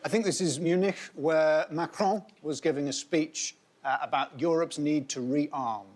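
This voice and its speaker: A man on a comedy panel, making dry one-liners and quick asides. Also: a little high, darkish tone.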